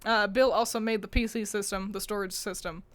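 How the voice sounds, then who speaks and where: A woman co-hosting a casual chat, rambling in a playful way, swearing now and then and breaking into quick laughs. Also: medium pitch, fairly even intonation. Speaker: podcast co-host.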